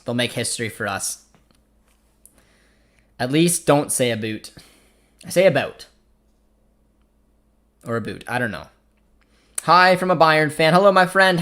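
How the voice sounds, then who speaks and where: A man's voice: fairly high pitch, a bit bright. A young man from Canada with a Canadian accent, hosting a live football watchalong, chatting casually, reading the chat aloud and reacting to the match. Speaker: watchalong host.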